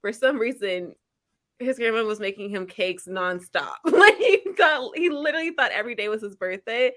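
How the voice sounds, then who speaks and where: A woman's voice: fairly high pitch, expressive, normal speed, a bit bright. A woman hosting a casual reading-sprint stream from home, chatting in a rambling way and laughing often. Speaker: livestream host.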